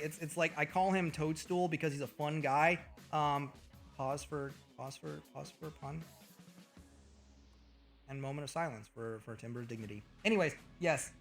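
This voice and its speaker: A young man streaming live, chatting casually in a rambling, excitable way with a lot of swearing. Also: a little high.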